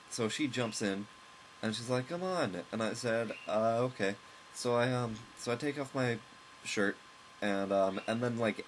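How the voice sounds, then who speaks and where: Low-voiced man rambling through a story. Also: a little hiss or hum, low-quality recording. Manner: rambling, with chuckles and asides to the game. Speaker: let's play host. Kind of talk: casual storytelling over gameplay commentary. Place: at home, with a loud pet bird nearby.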